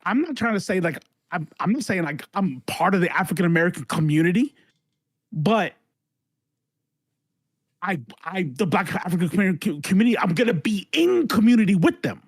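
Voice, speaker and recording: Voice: medium pitch, expressive, fairly quick, husky, no echo. Podcast cohost ranting hard, swearing a lot, dry sound, video call. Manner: heated, profane ranting. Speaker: podcast co-host. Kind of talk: casual chat.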